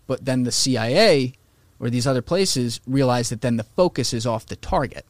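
A man talking in a casual podcast conversation, animated and opinionated, swearing freely and slipping into mocking voices for quotes. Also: mid-range voice, moderate pace, dry recording.

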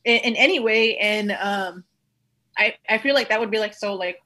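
Bright-voiced chatty woman. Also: mid-range voice, moderate pace. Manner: rambling, heavy use of "like". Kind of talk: casual podcast conversation.

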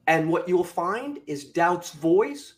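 A man talking as a podcast guest, with an animated, preacher-like delivery full of sudden drops and bursts. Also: sits high, slow pace. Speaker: guest speaker. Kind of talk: motivational podcast talk.

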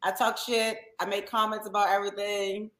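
A woman's voice: mid-range voice, level tone, moderate pace, fairly bright tone, roomy sound, low-quality recording. A woman from Baltimore with a Baltimore accent, a reality show guest talking casually, blunt and laughing often, swearing freely. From Baltimore, USA. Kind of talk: casual interview chat.

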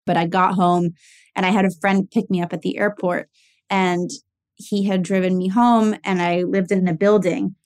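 A woman's voice: fairly low pitch, darkish tone. A young woman telling a personal caregiving story in a candid, casual way, full of fillers. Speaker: caregiver sharing her story.

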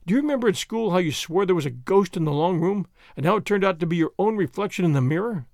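A man reading aloud and voicing a shrewd, unflappable English gentleman who teases his nervous old school friend in a jovial, easygoing way. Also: high voice, animated, fast, creaky, no room sound, studio quality. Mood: amused. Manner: jovial and teasing.

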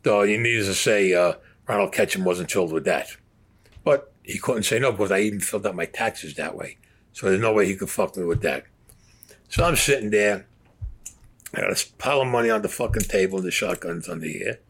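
A man's voice: fairly low pitch, brisk, fairly bright tone, husky. An older man telling his own crime story in an interview, in blunt, profane street talk. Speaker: former mobster interviewee.

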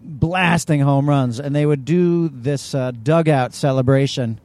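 A man co-hosting a casual comedy podcast, rambling and joking in an animated way. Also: medium pitch, measured pace, no room sound. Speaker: podcast co-host.

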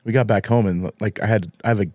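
A man's voice: lowish voice, fairly even intonation, fast, darkish tone, no room sound, studio quality. A man in his thirties co-hosting a podcast, easygoing and chatty, laughing often. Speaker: podcast co-host. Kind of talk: casual chat.

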